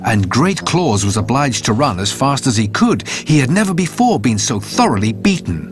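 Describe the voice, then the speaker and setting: Guy reading a fairytale aloud, lively up and down, soft music under it. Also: medium pitch, moderate pace. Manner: expressive, animated reading. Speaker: storyteller. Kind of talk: storybook narration. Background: faint music.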